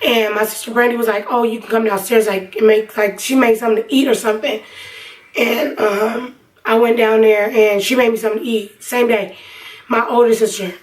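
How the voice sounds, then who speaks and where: A woman's voice: a little high, steady tone, a little fast, far from the mic, rough recording. A young woman vlogger telling a personal story in a casual, rambling way with lots of fillers. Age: young adult. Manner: chatty, rambling, many fillers.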